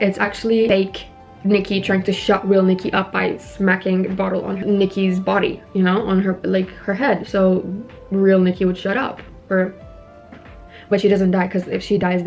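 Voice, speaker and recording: A woman's voice: medium pitch, a little mellow. A young woman chatting casually while doing her makeup, retelling a horror film scene by scene with lots of "like" fillers and acting out bits of dialogue. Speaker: beauty vlogger recapping a horror film. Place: indoors at home.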